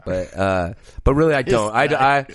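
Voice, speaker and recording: A man co-hosting a podcast in casual chat, crude and teasing, quick to joke. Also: lowish voice, lively intonation, no echo, clean studio sound. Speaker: podcast co-host.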